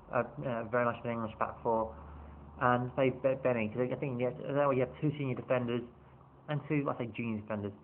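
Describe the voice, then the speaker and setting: A man's voice: mid-range voice, a little hiss or hum. A man rambling through a casual preview of his team's upcoming matches, restarting sentences and swearing now and then. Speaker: football fan vlogger. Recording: tinny phone-like sound.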